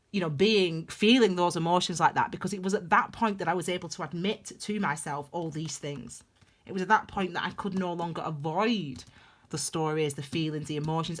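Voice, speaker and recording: A young woman giving a tarot reading in a rambling, heartfelt, confessional way. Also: fairly low pitch. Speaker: tarot reader. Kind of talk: casual tarot reading monologue.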